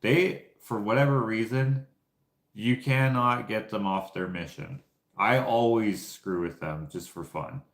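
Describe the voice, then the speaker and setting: A man's voice: lowish voice, measured pace. A Canadian man telling casual, rambling stories to his viewers, laughing often. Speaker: YouTuber. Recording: echoey room.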